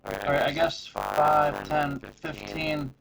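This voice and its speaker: A man's voice: a little high, takes it slowly, creaky, fairly bright tone, poor audio. A man playing in a tabletop game, unsure and asking questions. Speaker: player.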